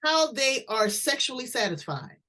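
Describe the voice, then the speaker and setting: A woman's voice: sits high, normal speed. A woman hosting an interview, chatty and blunt, telling stories as she asks questions. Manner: blunt, chatty, animated storytelling. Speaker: talk show host. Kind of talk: interview, casual chat.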